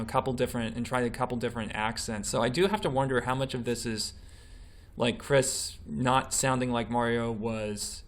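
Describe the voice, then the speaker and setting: A man's voice: mid-range voice, a little hiss or hum. A man hosting a podcast in casual chat, hesitant with many restarts as he moves through the topics.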